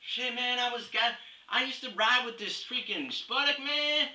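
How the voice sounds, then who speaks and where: A man's voice: extremely high pitch, sharp tone, voice pushed up, full character voice. A man voicing a swaggering young man who brags in street slang, in a roomy, distant recording with faint hiss. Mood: boastful. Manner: boastful street slang, drawn-out words. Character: swaggering slangy young man bragging about his hat.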